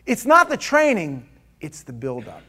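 A pastor preaching a sermon, swinging from loud emphatic lines to quiet asides, with chatty restarts and stammers. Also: male voice, a little high, huge pitch swings, measured pace.

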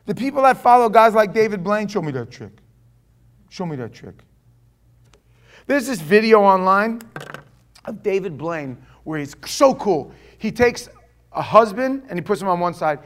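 Animated preacher, loud then hushed. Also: male voice, high voice. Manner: animated, swings from loud to hushed, acts out quotes. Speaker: pastor. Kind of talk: sermon.

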